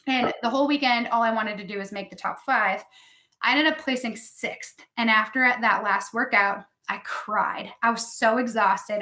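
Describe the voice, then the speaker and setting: In an echoey room, a podcast guest in her thirties with a slightly high, sharp-toned voice tells frank personal stories. Her chat is casual and heavily sprinkled with "like."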